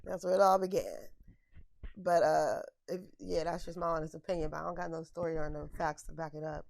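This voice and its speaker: A woman's voice: deep voice, fairly even intonation, a little fast, creaky, a little mellow, no room sound. A young woman co-hosting a podcast, chatting casually in slang, laughing often as she talks. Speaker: podcast co-host. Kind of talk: casual chat.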